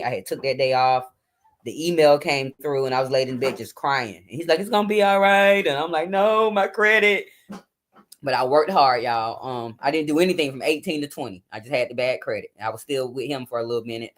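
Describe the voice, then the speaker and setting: A woman's voice: very deep voice, fast. A woman in her forties hosting a casual livestream from home at night, chatting informally and talking straight to her viewers. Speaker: livestream host. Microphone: phone or webcam.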